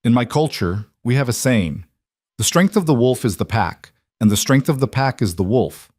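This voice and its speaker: A man's voice: mid-range voice, animated, normal speed, a little mellow, dry recording, close to an everyday voice. A man reading a cool, calculating Russian woman in the syndicate, formal, dry studio sound. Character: woman of Russian origin, calculating crime ally.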